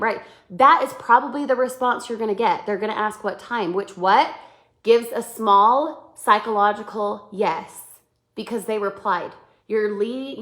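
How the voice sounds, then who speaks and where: Coaching her sales team in a live webinar, a woman with a medium-pitched voice acts out sample messages and keeps checking that listeners follow along, all with animation. The recording has a roomy echo.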